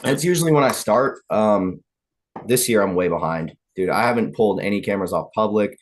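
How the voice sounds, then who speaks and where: A man's voice: fairly low pitch, lively intonation, brisk. A man with a Southern US accent hosting a podcast, talking casually and chattily, wandering between thoughts and cutting himself off. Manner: rambling, self-interrupting, chatty. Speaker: podcast host.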